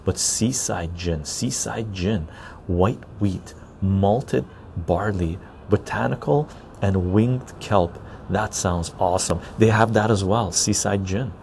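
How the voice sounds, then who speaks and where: Male podcast host, low and gravelly, dark tone, relaxed chatty delivery, outdoors on a patio. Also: takes it slowly, a little hiss or hum. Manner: easygoing, chatty, tags sentences with "right?". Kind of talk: casual chat while reading live chat.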